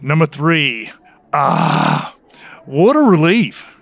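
A folksy Southern gentleman drawls through beer ratings in a broad, put-on deep Southern US accent, as a man puts him on. The delivery is slow and theatrical, with pitch swooping widely. The sound is dry and close. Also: sing-song, gravelly, no room sound, heavily acted. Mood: drawling, theatrical. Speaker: podcast co-host.

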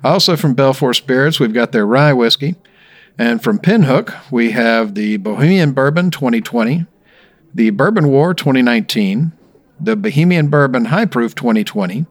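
A man from the American South hosting a late-night drinks chat show, joking and teasing his co-hosts. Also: medium pitch. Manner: jokey, self-deprecating banter. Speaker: podcast host. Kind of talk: casual chat.

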